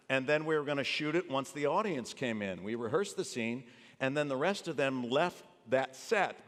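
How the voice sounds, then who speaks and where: A man telling anecdotes about his acting work on stage before a live audience, acting out the people he quotes. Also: medium pitch. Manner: animated anecdote teller, acts out quotes. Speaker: actor discussing his memoir. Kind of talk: storytelling on stage. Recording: long theater reverb.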